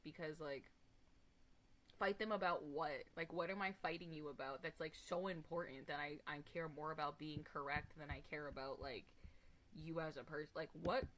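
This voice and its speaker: A woman's voice: low-pitched, a bit bright, slight background noise. A woman streamer chatting casually to her viewers, rambling and emphatic, with casual swearing. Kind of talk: casual live stream chat.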